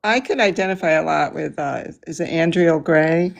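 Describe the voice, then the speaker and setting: A low-voiced woman talks through her ideas on a video call. She thinks aloud, with many fillers and restarts, in a casual group discussion. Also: normal speed, gravelly. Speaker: member of a reading group.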